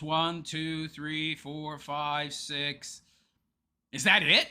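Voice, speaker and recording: A man's voice: fairly high pitch, fairly even intonation, extremely slow, bright, forceful tone, clean tone. A man hosting a commentary show, talking sarcastically over a clip and laughing often at his target. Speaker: show host.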